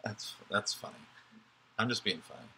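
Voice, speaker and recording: A man's voice: fairly low pitch, sing-song, moderate pace, bright, forceful tone, a little hiss or hum. A man hosting a live card break, giving chatty, joking running commentary as he opens packs.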